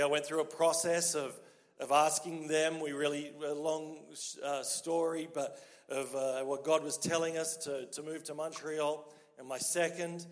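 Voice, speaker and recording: A man with an Australian accent, a pastor preaching a sermon in a lively, joking, conversational way. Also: on the high side. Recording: long hall reverb.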